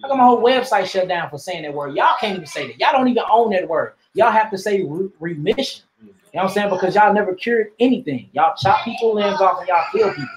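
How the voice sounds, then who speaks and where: A man from the study group, animated and indignant as he recounts an argument. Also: sits high, fast talker, rough recording.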